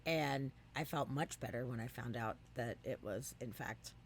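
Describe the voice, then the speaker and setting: With a little hiss or hum on the recording, a lively podcast co-host tells stories casually at a normal pace. His middle-pitched voice bursts into loud, high exclamations, laced with swearing, before settling back to an easygoing tone.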